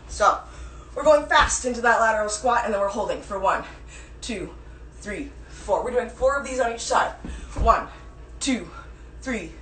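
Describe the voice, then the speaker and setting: A woman's voice: fairly high pitch, fairly bright tone, slight background noise. A woman fitness instructor leading a live-streamed workout class, counting reps aloud and cueing form, out of breath at times. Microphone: phone camera at a distance. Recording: echoey room voice from a distance.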